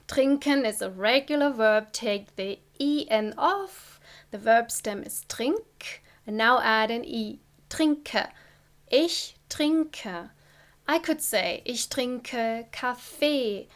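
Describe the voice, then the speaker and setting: A woman teaches a beginner class, patient and methodical, spelling out each step. Her voice sits a little high, and she takes her time with every word. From Germany. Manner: patient, step-by-step explaining with careful pronunciation. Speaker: German teacher. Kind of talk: online language lesson.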